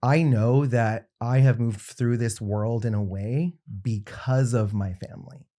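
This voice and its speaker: Guest: a reflective man who speaks with halting restarts as he searches for words. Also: medium pitch, steady tone, mellow. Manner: thoughtful, halting with many restarts. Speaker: podcast guest, makeup artist. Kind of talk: reflective podcast conversation.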